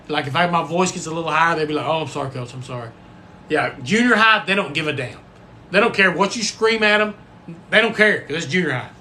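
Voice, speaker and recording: A man's voice: on the high side, bright, forceful tone, slight background noise. A man hosting a casual livestream, folksy and rambling, with the odd cuss word. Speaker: livestream host and football coach.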